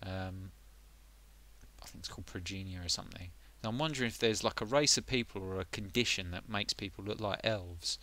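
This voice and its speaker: A man's voice: low voice, fairly quick, sharp tone. A man chatting on a live stream who is a bit under the weather, rambling and muttering to himself as he gets sidetracked. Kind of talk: casual live stream chat.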